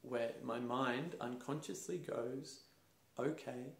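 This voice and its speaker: Man, host, lively storytelling, mid-pitched voice, roomy echo. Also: normal speed. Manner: animated storytelling, acts out voices and laughs. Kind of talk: casual conversation about masculinity.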